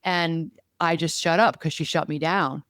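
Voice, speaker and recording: A man talking through a casual podcast chat in an earnest, rambling way, circling back and restarting his thoughts. His voice is smooth and resonant, sitting a little high for a man. The sound is dry and close. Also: steady tone, unhurried, fairly bright tone, dry recording. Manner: rambling, restarts often, earnest, uses air quotes. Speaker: podcast co-host.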